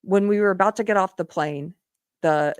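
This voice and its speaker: A woman's voice: medium pitch, moderate pace, clean tone, no room sound. A woman hosting a live show, telling a personal story in an earnest, conversational way with frequent restarts. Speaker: podcast host. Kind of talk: casual live-stream monologue.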